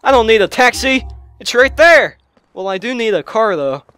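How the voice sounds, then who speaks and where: A young man narrates a video game in a high, bright voice that leaps all over the place. He chatters casually, then breaks into loud yelps and shouts at the game. The audio sounds a little lo-fi. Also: lively intonation, moderate pace, clear, resonant tone. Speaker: let's play gamer. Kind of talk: excitable gameplay commentary. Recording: lo-fi restored audio.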